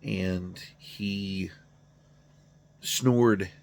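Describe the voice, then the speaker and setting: A man's voice: deep voice, steady tone, drawn-out words, vocal fry, darkish tone. A tired middle-aged man talking in a casual, rambling monologue, swearing freely and joking at his own expense. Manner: profane, rambling, self-deprecating. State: tired, yawning. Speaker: garage channel host.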